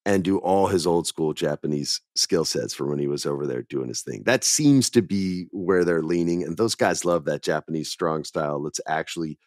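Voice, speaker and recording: A middle-aged man with a low, deep voice hosts a casual podcast chat. He tells stories with animated, emphatic delivery. The recording is dry and close. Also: moderate pace, few pauses, dry recording. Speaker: podcast host.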